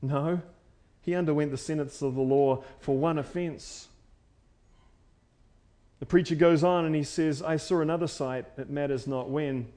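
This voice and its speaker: A man, a preacher, delivering a sermon, rising to forceful declarations and dropping to hushed lines, repeating phrases for emphasis. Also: fairly high pitch, fairly even intonation, normal speed, pauses often.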